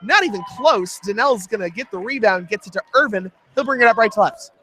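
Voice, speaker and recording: A young man doing jokey, rapid play-by-play commentary for a college radio basketball broadcast. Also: lively intonation, pushed and bright, husky. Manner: jokey, rapid play-by-play that jumps in pitch on big shots. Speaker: play-by-play announcer.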